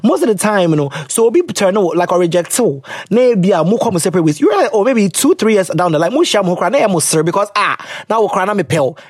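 Young podcast host, animated and swearing freely, dry close mic. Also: medium pitch, a little fast, few pauses, no room sound. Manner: animated, laughing, swearing, switching into local phrases. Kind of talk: casual chat reading listener letters.

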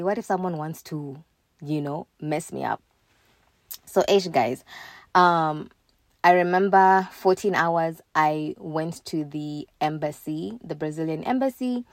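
A woman's voice: lowish voice, no room sound. Woman telling a story, dry close sound. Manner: animated, quoting others in her own voice. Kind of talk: casual storytelling to camera.

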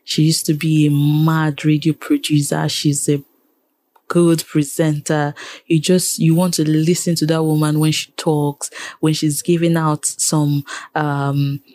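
Speaking low, mellow and unhurried with a level tone, a Nigerian woman who presents and programs radio appears as an interview guest. The chat is casual, and she stays animated, using repetition to stress her points.

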